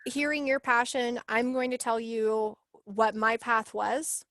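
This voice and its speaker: A woman's voice: fairly high pitch, a little slow, dry recording. Emotional woman in her twenties telling her story. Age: 20s. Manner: emotional, animated storytelling with acted-out quotes. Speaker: workshop guest sharing her story. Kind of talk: casual video-call chat.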